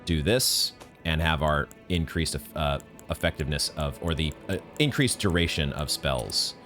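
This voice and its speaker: A man with a very low voice talks through a hard boss fight, cursing freely and breaking into high, frustrated shouts. Faint game music plays under his commentary at a home desk mic. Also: normal speed. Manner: swears often, bursts into high angry yelling. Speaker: gaming streamer. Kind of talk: live gameplay commentary.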